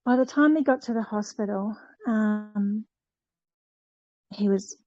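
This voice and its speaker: A woman's voice: mid-range voice, slow pace, warm tone, no room sound, muffled recording. A woman casually retelling a faith story to a fellowship group, rambling with many fillers and restarts. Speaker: fellowship participant.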